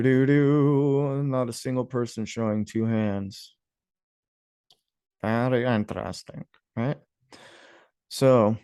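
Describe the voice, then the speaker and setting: A man's voice: medium pitch, a little mellow, clean tone, no echo, clean studio sound. A man casually commenting on old images and clippings, musing aloud, with sarcastic asides and frequent chuckles. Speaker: history video host.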